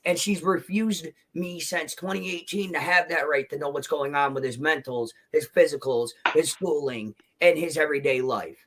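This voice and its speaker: Man, fairly high and bright, defensive panel guest, emotional and rambling. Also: moderate pace, hardly any pauses, slight background noise. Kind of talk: heated livestream argument.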